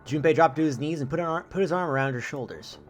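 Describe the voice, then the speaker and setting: A man's voice: a little high, fast talker, faint music behind. A man streamer reading a visual novel aloud, breaking in with casual joking asides.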